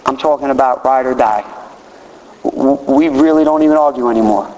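A man in his fifties giving an animated, self-mocking personal talk as a recovery speaker. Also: medium pitch, fairly quick. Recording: distant hall, dull and noisy.

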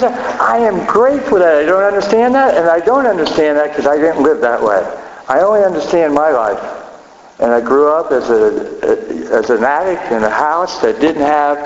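A man's voice: a little high, normal speed, slight background noise. A middle-aged man giving a blunt, profane, self-mocking personal recovery share at a meeting. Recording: echoey hall, dull lo-fi sound.

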